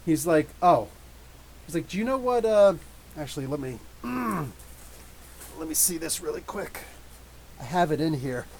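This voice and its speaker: A man with a high voice chats through an excited story on his podcast. He acts out lines of dialogue as he goes, and his delivery stays loose and animated. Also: poor audio. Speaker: podcast host. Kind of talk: casual live storytelling.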